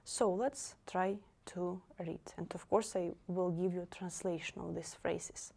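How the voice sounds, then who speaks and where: A young woman leads an online language lesson, speaking slowly in a somewhat low, mellow voice. She patiently models each word twice so learners can copy her. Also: fairly even intonation, creaky. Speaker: language teacher.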